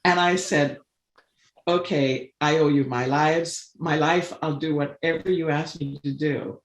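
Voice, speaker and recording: A woman guest on a video call webinar, telling a long personal story with lively swings as she acts out what people said. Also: a little slow, roomy sound. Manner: animated storyteller, acts out quoted voices with big pitch jumps. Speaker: guest, artist and conservationist.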